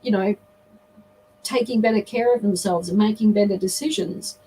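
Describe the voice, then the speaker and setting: A woman's voice: mid-range voice, normal speed, dark tone, a little hiss or hum, low-quality recording. A middle-aged woman, a guest on a live interview, telling a personal story in an earnest, reflective way. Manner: earnest, reflective, often acts out quoted dialogue.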